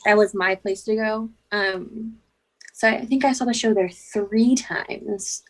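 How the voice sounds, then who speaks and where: A woman's voice: mid-range voice, measured pace. A young woman guest chatting casually and eagerly, with lots of filler words. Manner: bubbly, chatty, lots of ums and likes. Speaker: guest fan. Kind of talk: casual video call chat.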